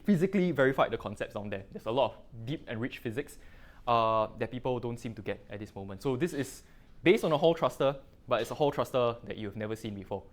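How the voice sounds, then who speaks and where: With a quick pace and a mid-range pitch, a middle-aged man speaking Singaporean-accented English delivers a technical talk to a room. His loose style, heavy on fillers and local particles, comes across as a relaxed guest lecture.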